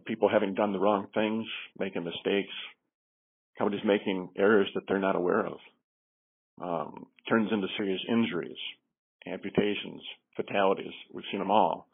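A man's voice: on the low side, breathy edge. A middle-aged man, a safety trainer, explaining earnestly in a podcast interview, with fillers and restarts. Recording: tinny phone line.

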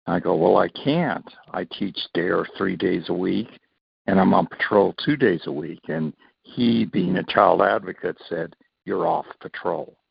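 In an echo-free recording with the highs cut off, a low-voiced man speaks unhurriedly in a gravelly, husky tone. As a child safety author being interviewed, he tells animated stories and performs the dialogue.

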